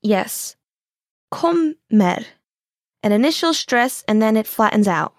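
A woman teaching in a scripted language lesson, explaining clearly and patiently. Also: medium pitch, expressive, normal speed, no room sound, clean studio sound.

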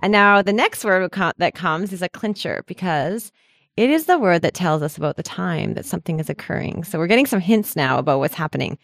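Brief: woman co-host of a language lesson, animated pitch, low-ish voice, dry close mic, chatty and patient. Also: a little fast, no room sound. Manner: chatty, explains patiently, laughs often. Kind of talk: casual podcast lesson.

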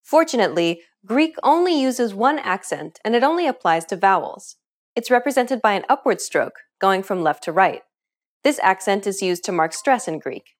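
Upbeat woman teaching, lively pitch. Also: moderate pace. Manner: clear, upbeat explaining with questions to the learner. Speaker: language teacher. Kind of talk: scripted lesson narration.

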